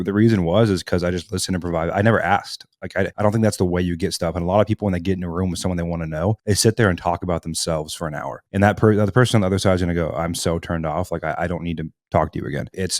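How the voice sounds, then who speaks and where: A young man in his twenties telling a story in a casual podcast conversation, animated and reflective. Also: deep voice, fast talker, hardly any pauses, dry recording, studio quality. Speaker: podcast host.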